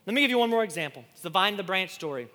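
A man preaching a sermon, swinging between loud declarations and hushed, intimate lines, often repeating and restarting words. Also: sits high, lively intonation, racing. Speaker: pastor. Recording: long hall reverb.

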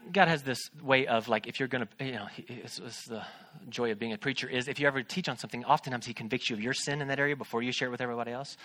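His voice is mid-range, bright and forceful. He is a pastor in his thirties preaching from a church stage, chatting and joking with the congregation and putting questions to them.

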